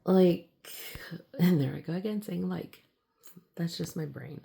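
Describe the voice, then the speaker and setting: Slow-talking giggly young woman. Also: vocal fry, dark tone, husky. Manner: giggly, halting, full of fillers and restarts; slips into a squealing high voice when acting out her younger self. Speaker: vlogger. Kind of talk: casual personal vlog.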